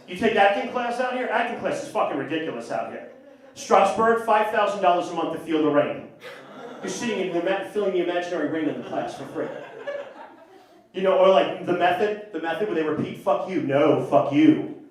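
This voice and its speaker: A man's voice: sits high, a little fast. A man doing stand-up comedy in a club, teasing the audience with brash, crude banter. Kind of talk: stand-up comedy with crowd work. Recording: echoey club from far off.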